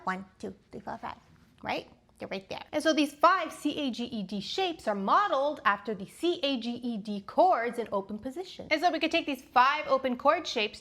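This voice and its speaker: Playful, lively woman guitar teacher. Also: sits high. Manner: playful, chatty, explains step by step. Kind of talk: casual video lesson.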